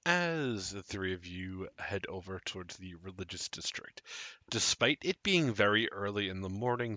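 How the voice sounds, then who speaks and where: Guy running a tabletop game, bright tone, slow, a bit low. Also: dry recording. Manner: slow, descriptive narration. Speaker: game master.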